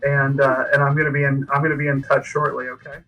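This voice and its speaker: A man's voice: mid-range voice, little pitch movement, fast talker, pushed and bright, far from the mic, faint music behind, low-quality recording. A man hosting a casual livestream, upbeat and rambling, with lots of fillers and restarts. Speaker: livestream host.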